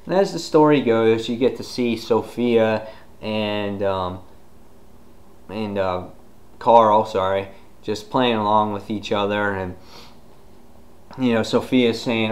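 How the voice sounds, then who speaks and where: A man giving a casual, rambling comic book review, full of fillers and retelling scenes with sudden loud outbursts. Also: on the low side, fairly even intonation, slow, pauses often.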